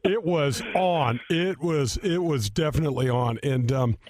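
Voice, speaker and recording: A man hosting a radio golf show from a studio, telling stories in a casual, animated way, laughing often and acting out what others said. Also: mid-range voice, measured pace, dry recording. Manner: animated storyteller, laughs often, acts out quotes.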